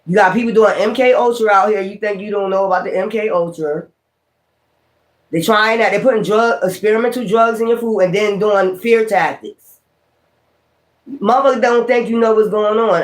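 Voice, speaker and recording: A man's voice: sits high, normal speed. A man who reads tarot, ranting on a livestream in a profane, confrontational way and repeating his points. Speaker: tarot reader. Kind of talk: livestream rant.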